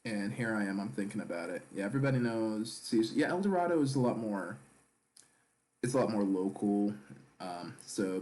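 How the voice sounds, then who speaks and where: A man's voice: fairly low pitch, a little mellow. A man hosting a live stream, chatting casually about casino business and greeting viewers in the chat.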